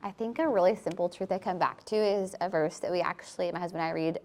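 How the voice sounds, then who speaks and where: A woman's voice: on the low side, quick pace. A woman sharing a Bible verse in casual testimony, chatty and laughing now and then. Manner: warm, chatty, laughs between thoughts.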